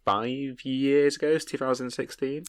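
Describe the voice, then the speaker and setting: A man's voice: mid-range voice, fairly even intonation, normal speed, no room sound. A young man co-hosting a podcast in casual chat, laughing easily and stumbling over repeated words. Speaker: podcast co-host.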